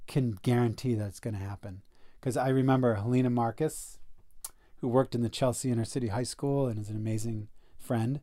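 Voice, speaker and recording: A man in a casual podcast conversation, telling a personal story in an earnest, animated way. His pitch sits in a middle range for a man. He often fills his sentences with "like" and restarts them as he goes. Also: brisk. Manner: earnest and animated, with frequent "like" and self-corrections.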